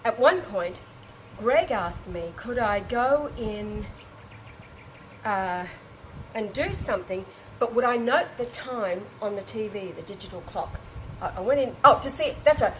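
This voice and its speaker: A woman telling an emotional personal anecdote to a small group, animated and exclamatory, with frequent restarts and laughing or tearful breaks. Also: mid-range voice, a little slow, a little hiss or hum, poor audio. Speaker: storyteller recounting an experience to a small group.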